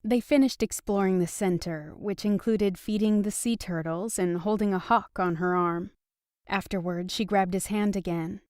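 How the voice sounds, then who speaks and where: A woman narrating a romance audiobook in an even, steady storytelling manner. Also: mid-range voice, normal speed, no room sound, studio quality. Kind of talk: scripted narration.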